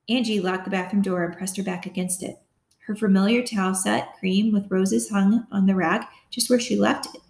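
Woman, audiobook narrator, steady storytelling, middle pitch, echoey room. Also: normal speed, vocal fry. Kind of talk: scripted narration. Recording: roomy echo.

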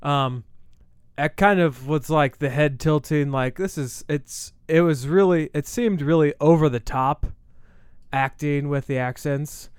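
Man co-host, hesitant casual talker, smooth clear voice, dry recording. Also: fairly high pitch, a little slow, no room sound. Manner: hesitant, many ums. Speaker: podcast co-host reviewing a film. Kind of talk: casual chat.

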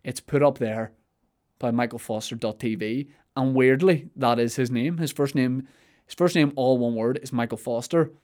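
A young man chatting as podcast host at a middle pitch. He rambles, restarts his sentences and drifts into playful asides while he answers listener questions. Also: moderate pace, a little mellow.

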